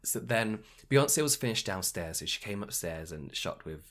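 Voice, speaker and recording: A man's voice: on the low side, expressive, normal speed, a bit bright. A man telling rambling workplace anecdotes in casual chat. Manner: rambling anecdotal storytelling, many fillers.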